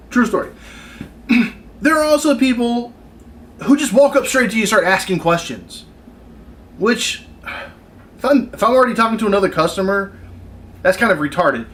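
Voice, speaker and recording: A man's voice: high voice, big pitch swings, moderate pace, long pauses, fairly bright tone. Exasperated, sarcastic man ranting animatedly. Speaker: retail worker venting on camera. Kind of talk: comedic rant vlog.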